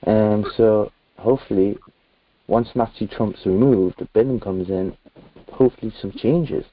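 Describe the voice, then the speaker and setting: A low-pitched British man speaks earnestly and rambles, dropping in plenty of "um" and "you know." His voice comes through a thin, phone-like video call line with a dry, close sound. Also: measured pace, no room sound. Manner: earnest, rambling with many fillers. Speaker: guest. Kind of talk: casual video-call chat.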